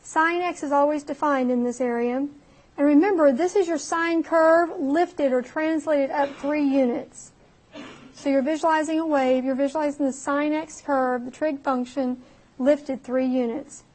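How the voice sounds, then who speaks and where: Chatty high-voiced woman teaching math. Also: fairly even intonation, unhurried, darkish tone. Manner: chatty, laughs at herself, talks through calculator steps. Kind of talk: recorded math lecture.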